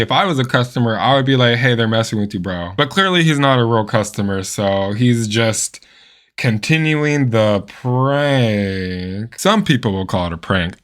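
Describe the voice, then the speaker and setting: A man giving opinionated reaction commentary on video clips, sarcastic and prone to animated outbursts. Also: lowish voice, moderate pace.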